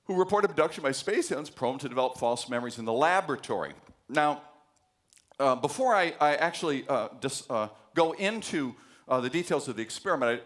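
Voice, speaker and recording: Lively American man lecturing. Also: a little high. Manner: animated storytelling, acts out quoted voices, many fillers. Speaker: psychology professor giving a lecture. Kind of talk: university lecture with anecdotes. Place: large lecture hall.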